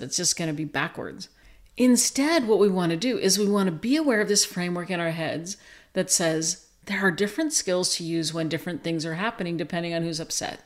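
Older lady explaining how to listen to upset people, lowish voice, soothing little acted bits. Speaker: parenting and relationship educator. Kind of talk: teaching talk with acted examples.

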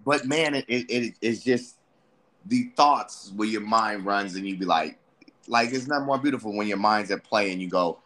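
A man's voice: on the low side, moderate pace, sharp tone. A man in casual conversation, telling stories with lots of energy and acting out the voices of himself and his friends. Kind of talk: casual storytelling chat.

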